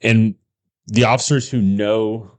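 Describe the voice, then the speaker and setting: A man's voice: lowish voice, slow. A man, a former police officer, co-hosting a podcast and telling stories in casual chat, acting out quotes and swearing freely. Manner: animated storyteller, acts out quotes, swears freely.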